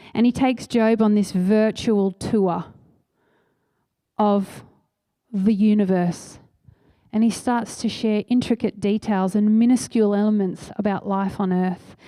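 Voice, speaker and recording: A woman's voice: medium pitch, fairly even intonation, a little slow, warm tone, dry recording. A woman preaching a sermon in a church, telling a story earnestly and acting out the voices she quotes.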